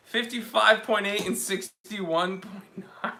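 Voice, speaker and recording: A young man hosting a watch channel live stream, chatting casually and excitedly reading out viewer comments. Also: on the high side, measured pace.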